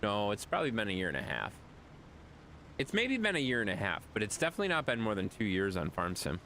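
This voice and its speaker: A man streaming a game live, chatting casually with his viewers, animated and playful with repeated phrases. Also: fairly low pitch, quick pace, slight background noise.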